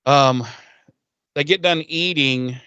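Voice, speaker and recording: A man's voice: on the high side, takes it slowly, sharp tone, clear, resonant tone, no echo, lo-fi sound. A man co-hosting a podcast, recapping an episode in a jokey, profane way and laughing often. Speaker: podcast co-host. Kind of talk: casual recap chat.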